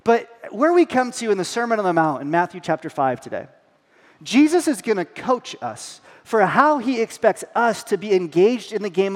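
A high-pitched male pastor preaches in a church sanctuary, and his voice rings with a long hall reverb. He tells stories in a playful, self-deprecating way and acts out each quote. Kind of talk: sermon.

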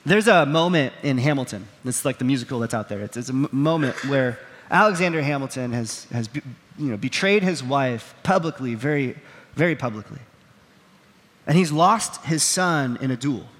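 A man's voice: mid-range voice, lively intonation, moderate pace, a bit bright, big-room sound. A man preaching a sermon from a stage with a microphone, telling stories with acted quotes in an earnest, self-deprecating way. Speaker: pastor. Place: on a stage in a large hall. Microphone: wearing a microphone.

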